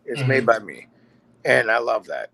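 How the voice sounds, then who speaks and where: A man's voice: medium pitch, very animated, normal speed, creaky, sharp tone, breathy edge. A man in his forties, a guest telling stories in a laid-back, profane way and saying "man" often. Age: 40s. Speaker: podcast guest, bass player. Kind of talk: casual chat storytelling.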